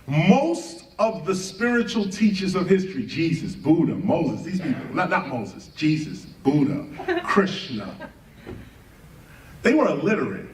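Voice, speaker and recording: On a live stream, a man delivers a passionate lecture, throwing out rhetorical questions, spelling words letter by letter, and frequently laughing mid-sentence. His voice is fairly high and unhurried, picked up by a distant mic with slight hiss or hum. The room is echoey and he sounds set back from the microphone.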